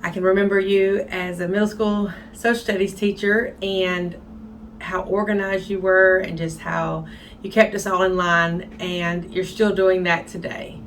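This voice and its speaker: A school colleague giving a quick tribute message of thanks. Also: female voice, mid-range voice, level tone, a little hiss or hum.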